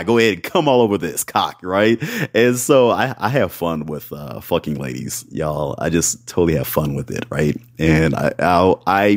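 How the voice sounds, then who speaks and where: A man's voice: low-pitched, a little mellow. A man hosting a podcast, telling a story in casual, rambling talk full of fillers, often checking in with "right?" and "y'all". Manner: rambling, filler-heavy, keeps asking "right?"; addresses listeners as "y'all". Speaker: podcast host.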